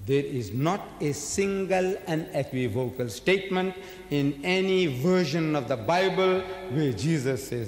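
A man's voice: fairly high pitch, animated, a little slow. Male lecturer, emphatic and rhetorical, recorded echoey and roomy from far off. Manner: emphatic, rhetorical, swings between loud and soft. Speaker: religious lecturer. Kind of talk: public lecture.

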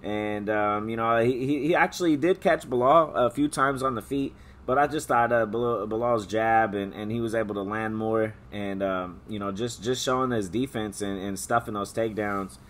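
A man from California, voice gone hoarse, chatting casually as a podcast co-host. He talks in a halting way, stopping and restarting with lots of fillers as he thinks aloud. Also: lowish voice, fairly bright tone. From Stockton, California. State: hoarse, losing his voice. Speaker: podcast co-host, MMA betting picks. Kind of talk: casual chat.

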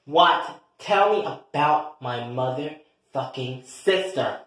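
A man voicing a loud, furious young adult daughter who curses and confronts her father in a comedy skit. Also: on the high side, expressive, slow pace. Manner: brash, profane, confrontational. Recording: echoey room.

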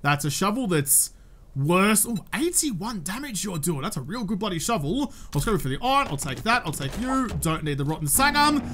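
A woman with an Australian accent giving chatty, excitable gameplay commentary and talking to the characters on screen. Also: lowish voice, moderate pace, a little hiss or hum. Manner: chatty and excitable, talks to the game and her companion. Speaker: gaming video creator. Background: game music.

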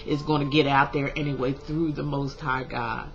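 A woman's voice: very deep voice, steady tone, normal speed. A woman doing a tarot reading vlog, talking passionately in a long, rambling rant. The sound is a little muffled, with faint music playing behind her. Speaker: tarot reader.

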